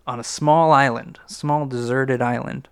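Clear-voiced man making wry asides. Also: mid-range voice, fairly even intonation, a little slow. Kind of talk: improvised comedy storytelling.

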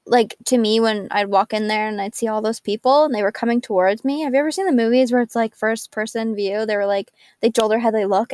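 A woman's voice: medium pitch, a little mellow, dry recording, studio quality. A young woman candidly telling her personal story in a chatty, upbeat way, full of "like". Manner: chatty, upbeat, frequent "like" fillers. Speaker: speaker sharing her recovery story.

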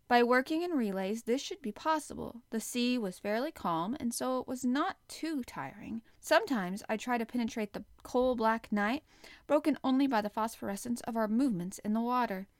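A woman narrating a classic adventure novel aloud in the first person, with expressive, dramatic storytelling. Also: on the high side, dry recording, clean studio sound. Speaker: audiobook narrator.

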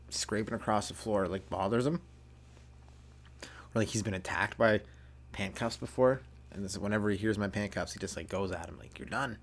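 A young man hosting a comedy podcast, rambling through a casual monologue, swearing and laughing at his own jokes. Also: fairly low pitch.

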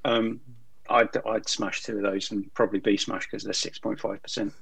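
A man co-hosting a casual chat show, describing a beer with dry, wry humor and a measured delivery. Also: lowish voice, little pitch movement, gravelly, a bit bright, slightly rough, no room sound, low-quality recording. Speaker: podcast co-host.

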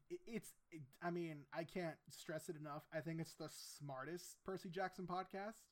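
A man co-hosting a podcast in a casual chat about a book, rambling with stammers and restarts and acting out scenes in quick voices. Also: a little high. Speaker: podcast co-host.

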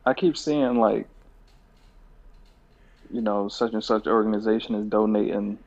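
A laid-back man with a lowish voice co-hosts a casual podcast. He rambles, trails off and swears freely, and his voice comes through a dull, lo-fi recording. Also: steady tone, unhurried, darkish tone. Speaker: podcast co-host. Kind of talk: casual chat. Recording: dull lo-fi sound.

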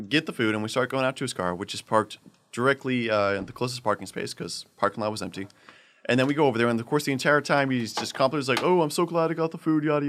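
A man telling a story in casual chat, animated and quick to laugh. He acts out each person in the story as he goes. His voice is bright and forceful at a mid pitch. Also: a little hiss or hum. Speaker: podcast host telling a story.

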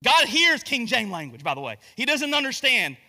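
This Gastonia, North Carolina pastor has an extremely high, sing-song voice with a sharp tone, speaking at a moderate pace with a Southern accent. He preaches conversationally and jokingly in a big-sounding church sanctuary, often restarting what he's saying.

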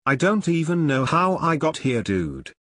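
Brief: man reading a lost, confused young guy in a spooky storybook, husky and unsure. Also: a little high, sing-song, a little slow, a bit bright, no echo, studio quality, voice pushed up, heavily acted. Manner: hesitant, puzzled questions.

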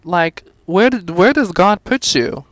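A young man venting about his fast food job in a profane, animated, sassy rant. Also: high voice, no room sound. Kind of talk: casual rant to camera.

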